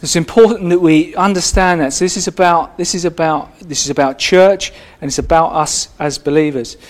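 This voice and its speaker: A man's voice: on the high side, steady tone, normal speed. A man preaching a sermon as the church's pastor, earnest and emphatic, repeating phrases and restarting his sentences.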